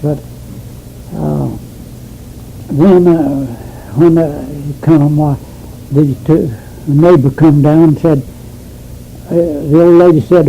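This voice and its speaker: A man's voice: fairly high pitch, steady tone, takes it slowly, gravelly, long pauses, dark tone, muffled recording, slight background noise. An older man, telling a rambling, folksy story as an interviewee and chuckling as he goes. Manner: rambling, folksy, laughs as he tells it.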